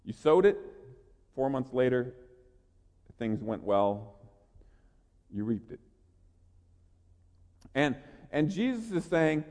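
A man preaching a sermon as a pastor, energetic and earnest, often repeating words as he builds. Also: mid-range voice, slow, pauses often. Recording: long reverb of a large hall.

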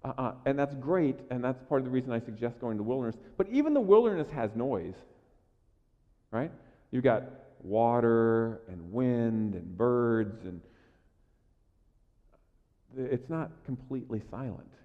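A man's voice: mid-range voice, expressive, unhurried. Pastor guy preaching, chatty, stumbles and repeats words, big echoey hall, kinda muffled. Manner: conversational, stammers and repeats words, swings between loud and quiet. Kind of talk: sermon. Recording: echoey hall, dull lo-fi sound.

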